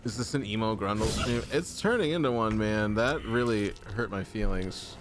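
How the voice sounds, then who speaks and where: A man's voice: lowish voice, normal speed. Young man streaming a game, jokey mock-angry grumbling, faint game music behind. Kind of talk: casual gameplay commentary.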